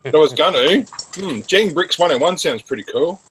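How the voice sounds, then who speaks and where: A man's voice: fairly high pitch, animated, normal speed, fairly bright tone. An Australian man in casual chat, dry and teasing, heard over a noisy video call.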